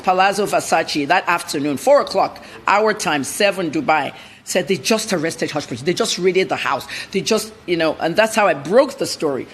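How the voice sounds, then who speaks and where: Woman journalist guest on TV news, blunt and animated. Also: medium pitch, slightly rough. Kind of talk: TV news interview.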